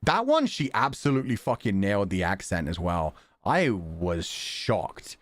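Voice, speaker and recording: A man casually chatting on a livestream, excitable, laughing often and swearing now and then. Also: lowish voice, a little slow, no echo. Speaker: streamer.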